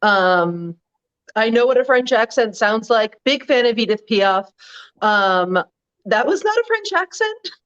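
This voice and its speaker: A woman's voice: on the high side, sing-song, unhurried, a bit bright. A woman co-hosting a casual political chat over a video call, blunt and wry, with lots of "like" and "um". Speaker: co-host. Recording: dull lo-fi audio.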